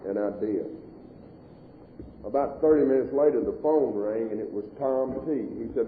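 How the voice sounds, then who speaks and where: A man's voice: mid-range voice, normal speed, slight background noise. A middle-aged man telling his recovery story at a meeting, plain-spoken and folksy. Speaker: AA meeting speaker. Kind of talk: personal recovery testimony. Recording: echoey hall on a tinny old tape.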